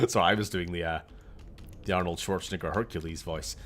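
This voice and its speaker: A man's voice: low-pitched, fairly even intonation, a little fast, a bit bright. A man with a Scottish accent giving casual, muttering, sweary commentary while streaming a game. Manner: swears often, mutters to himself. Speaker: gaming streamer.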